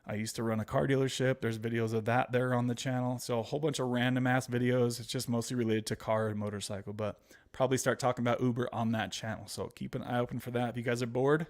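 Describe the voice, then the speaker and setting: A man chats casually on a livestream, his voice sitting at an ordinary middle pitch. He rambles from one story to the next and keeps turning to his viewers as guys. Now and then a laugh slips in. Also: fairly even intonation, quick pace. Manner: rambling, chatty, often addressing viewers as guys; laughs while telling stories. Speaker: livestream host.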